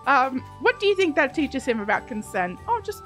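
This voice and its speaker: A fairly high-voiced Australian woman chats playfully on her stream and laughs easily between lines. Soft game music plays faintly behind her. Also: very animated, normal speed. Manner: laughs often, chatty and playful. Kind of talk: casual chat while gaming. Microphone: desk mic.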